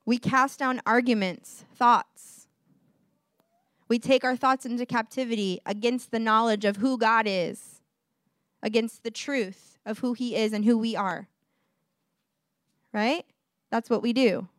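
A woman's voice: on the high side, fairly even intonation, a little slow, long pauses, no room sound, clean studio sound. A young woman giving a casual sermon in a conversational way, laughing often and using lots of fillers. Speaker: preacher.

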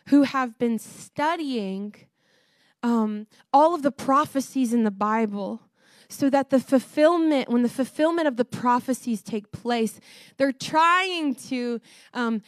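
A woman preaches with rising fervor, her high voice pushing toward a shout at its peaks. She laughs between points and talks straight to the congregation. The sound is dry and close, with no room around it. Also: no room sound. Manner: passionate, rising to near-shouting, laughs often. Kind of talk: sermon.

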